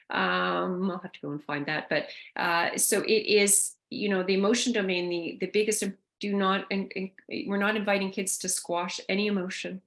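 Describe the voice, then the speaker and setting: A woman presenting a caregiver workshop, talking loosely with fillers and restarts. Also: medium pitch. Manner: conversational, thinks aloud with fillers and restarts. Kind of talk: online workshop talk.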